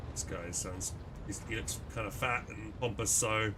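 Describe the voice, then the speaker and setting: A man's voice: lowish voice, moderate pace, pushed and bright, breathy edge. A male streamer reading game text aloud as he plays, with casual, cursing asides.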